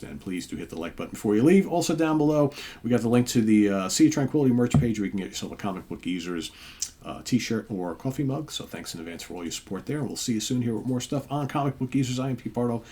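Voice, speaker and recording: A man hosting a casual comic book review, retelling the story in a rambling way and clearing his throat often. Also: fairly low pitch, animated, very fast, darkish tone. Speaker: host.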